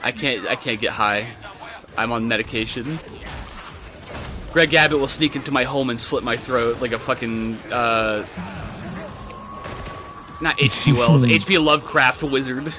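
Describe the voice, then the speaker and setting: A man's voice: medium pitch, unhurried, pauses often, background noise. A young man, telling rambling, profane stories while gaming with friends. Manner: rambling, profane storytelling with laughs. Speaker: gamer chatting with friends. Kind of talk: casual gaming chat.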